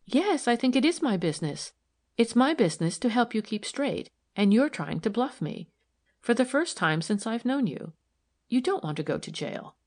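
A woman voicing a keen, firm probation worker who speaks in crisp, correct sentences, in a storybook reading. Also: fairly high pitch, sing-song, normal speed, a little mellow, pitched above the performer's own voice.

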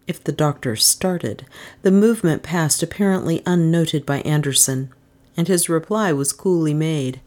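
A woman reading a novel aloud as a narrator, in a measured way, giving the characters modest voices of their own. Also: low-pitched, a little mellow. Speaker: audiobook narrator.

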